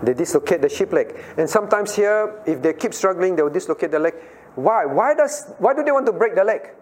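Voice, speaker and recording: A man's voice: high voice, animated, a little fast, slight background noise. A man, a pastor, teaching a Bible study class. He questions listeners by name and repeats his key phrases.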